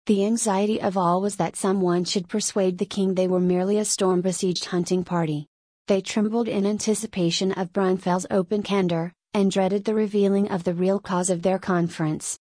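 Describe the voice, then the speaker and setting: A woman reads a period story aloud in a steady, even narrator's voice. Her voice sits at an ordinary middle pitch. The recording is dry, with no room echo. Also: normal speed. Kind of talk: audiobook narration.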